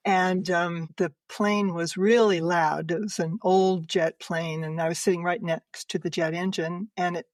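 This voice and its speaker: An older woman, a podcast guest, earnestly and emotionally telling a personal story, laughing softly between sentences. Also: lowish voice, dry recording.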